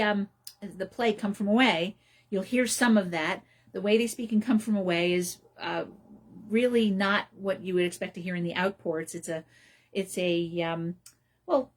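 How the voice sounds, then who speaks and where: A middle-aged woman hosting a radio show alone, talking casually and rambling with many ums and restarts. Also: fairly low pitch. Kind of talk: casual solo talk.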